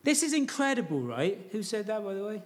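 Guy preaching, fairly high voice, casual storyteller, keeps asking the room questions. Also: very animated, a little fast. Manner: informal storytelling, asks the congregation questions. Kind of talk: sermon.

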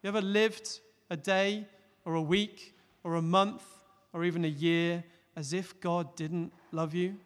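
A man preaching a sermon, earnest, rising to loud emphatic peaks and dropping to soft, close appeals. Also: high voice, steady tone, a little slow, hardly any pauses, clear, resonant tone. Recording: long hall reverb.

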